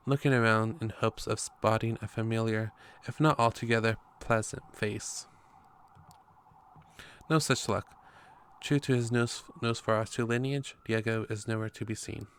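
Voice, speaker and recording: A man's voice: on the low side, clean tone. A man reading a story game's text aloud in a casual way, with his own asides between passages. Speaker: game player narrating.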